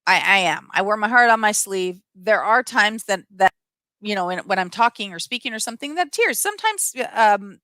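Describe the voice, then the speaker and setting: A woman's voice: mid-range voice, no echo. A middle-aged woman hosting a live stream, talking casually and emphatically as she reads viewers' comments. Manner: emphatic, opinionated, animated.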